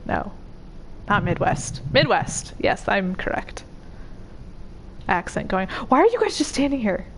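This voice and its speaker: A woman's voice: mid-range voice, big pitch swings, a little slow, slight background noise, poor audio. A woman streaming a video game, chatting casually and rambling with many "like"s and easy laughs. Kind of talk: casual chat while playing.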